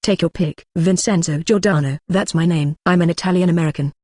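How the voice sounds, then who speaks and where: An audiobook narrator reading the lines of a wry, self-deprecating young man in the same even narrating voice. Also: mid-range voice, a little fast, no room sound, clean studio sound, natural voice.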